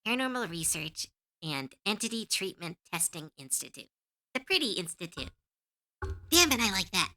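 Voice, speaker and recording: Giggly woman with a very bright voice. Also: on the low side, sing-song, moderate pace. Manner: giggly, musing aloud, playful. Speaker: streamer. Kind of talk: casual live-stream chat while drawing.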